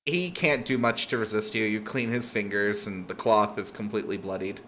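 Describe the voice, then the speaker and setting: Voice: medium pitch, moderate pace, fairly bright tone, slight background noise. A game master narrating a tabletop game in a loose, descriptive way with plenty of fillers.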